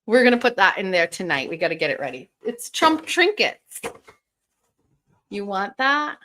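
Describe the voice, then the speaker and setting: A woman hosting a casual livestream, excitedly opening gifts and chatting to her viewers while swearing freely. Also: medium pitch, quick pace, slight background noise. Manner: excitable, swears often, laughs and gasps. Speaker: livestream host.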